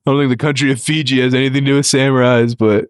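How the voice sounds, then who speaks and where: A man's voice: mid-range voice, little pitch movement, rapid-fire, clean tone, dry recording, studio quality. A young man co-hosting a podcast in casual chat, laughing often and slipping into mocking impressions. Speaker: podcast co-host.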